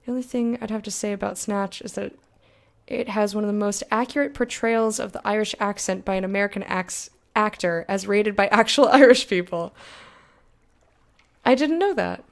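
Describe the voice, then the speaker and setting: A young adult woman streaming a game, chatting excitedly with viewers, swearing, and slowly reading game text aloud. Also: mid-range voice, gravelly. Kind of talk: blind let's-play commentary, chatting with viewers.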